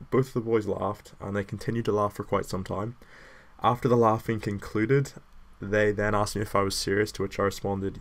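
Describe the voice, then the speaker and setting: A young man tells a personal story in a casual, meandering style. His voice sits a little low. He pads his sentences with fillers and pokes fun at himself as he goes. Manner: rambling and self-deprecating, many filler "like"s.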